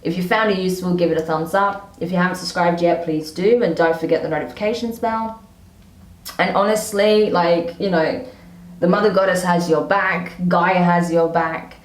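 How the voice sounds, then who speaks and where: A woman's voice: on the low side, fairly even intonation, moderate pace, distant mic. Chatty woman giving a tarot reading, roomy sound. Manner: chatty, emphatic, repeats itself. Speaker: tarot reader. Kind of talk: casual tarot reading to camera. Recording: roomy echo.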